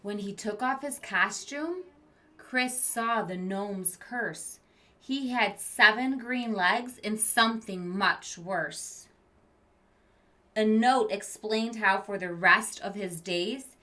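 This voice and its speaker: A woman's voice: medium pitch, slow, sharp tone. A woman teacher reading a picture book aloud to children. She stops to explain words, asks the kids questions and drops into whispered asides.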